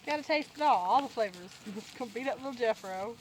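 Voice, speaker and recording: A woman's voice: on the high side, expressive, quick pace, slight background noise, poor audio. A woman chatting on her farm vlog, laughing often and playfully voicing her animals. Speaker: homesteader filming her farm. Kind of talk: casual farm vlog chat. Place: outdoors on a farm pasture.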